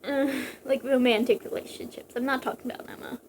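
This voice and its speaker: Reader: high-voiced woman, narrating a book aloud with giggly asides. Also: fairly even intonation, brisk, a little mellow, a little hiss or hum. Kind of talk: reading a novelization aloud with asides.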